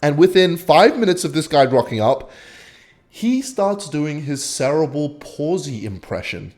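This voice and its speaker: A young man telling a rambling, swear-filled story while commentating his own gameplay, with sudden excited outbursts. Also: a little high, unhurried. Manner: animated, swearing, bursts of excitement while playing. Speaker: gaming vlogger.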